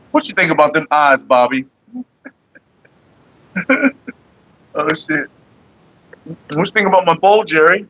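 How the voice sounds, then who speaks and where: A man's voice: a little high, animated, slow, pauses often, fairly bright tone, lo-fi sound. A man hosting his own casual vlog, rambling and joking loosely with his viewers. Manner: loose, joking, talks to viewers and chat by name. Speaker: vlogger hosting a smoking session.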